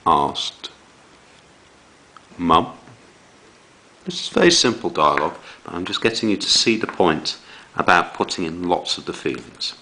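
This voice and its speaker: A man teaching young children a writing lesson, reading examples aloud with slow dramatic emphasis. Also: low-pitched, poor audio. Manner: slow, lively delivery with dramatic read-aloud. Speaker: primary school teacher.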